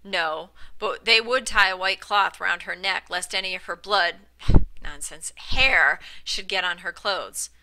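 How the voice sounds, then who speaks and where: Bright-voiced woman reading a story aloud. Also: medium pitch, a little slow, hardly any pauses, poor audio. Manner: reads aloud with small slips and restarts, lifting her voice for quoted lines. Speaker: reader. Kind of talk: audiobook narration.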